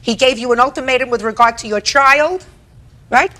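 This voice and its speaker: A woman's voice: high-pitched, moderate pace, bright, forceful tone. An older woman with a New York accent, presiding as a TV courtroom judge, blunt and commanding as she cross-examines. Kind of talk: TV courtroom arbitration.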